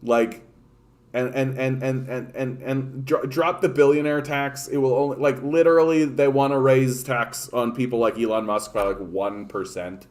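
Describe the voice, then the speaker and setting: A man's voice: mid-range voice, steady tone, normal speed. A man from Canada hosting a casual political livestream, ranting sarcastically and profanely, with many stumbles and restarts.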